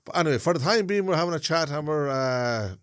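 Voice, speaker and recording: A man's voice: a little high, lively intonation, clear, resonant tone, dry recording, studio quality. A man with an Irish Traveller accent, co-hosting a podcast in casual chat, agreeable and often checking "isn't it?". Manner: quick, agreeable, often asks for confirmation. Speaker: podcast co-host.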